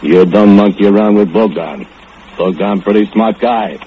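An actor playing a drunken, murderous foundry laborer who speaks in broken English and gloats with low chuckles, in an old-time radio drama. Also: male voice, moderate pace, a little hiss or hum, natural voice. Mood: gloating. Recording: muffled old radio recording with music.

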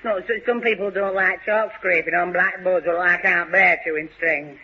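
A man's voice: high-pitched, steady tone, moderate pace, close to an everyday voice. An actor playing a timid, stammering young man. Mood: nervous. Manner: nervous stammer. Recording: dull, noisy old radio recording.

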